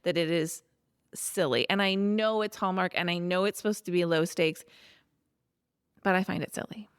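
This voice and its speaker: A woman's voice: fairly low pitch, normal speed, clean tone, no echo, studio quality. A woman co-hosting a podcast, casually giving opinionated movie critiques with lots of asides. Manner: opinionated, animated, many asides. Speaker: podcast co-host. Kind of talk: casual chat reviewing a movie.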